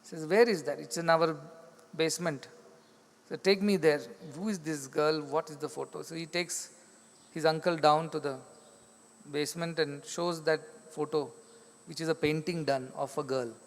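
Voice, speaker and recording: Indian English man, spiritual discourse, repeats and acts out stories, a little high-pitched, echoing hall. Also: steady tone, normal speed. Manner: explains with repetition, acts out quoted voices. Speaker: spiritual teacher. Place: large hall. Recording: long hall reverb.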